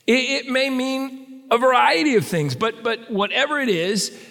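A man's voice: very high-pitched, moderate pace, gravelly, pushed and bright. A male pastor preaching a sermon in a conversational way with stammered restarts, recorded in a reverberant hall.

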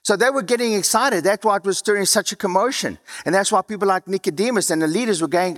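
A South African man preaching a sermon, his voice sitting a little higher than most men's. He talks conversationally and lets his phrases sink low and soft at the ends. A long reverb trails after his words, as in a large hall. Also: quick pace, few pauses. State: dry mouth.

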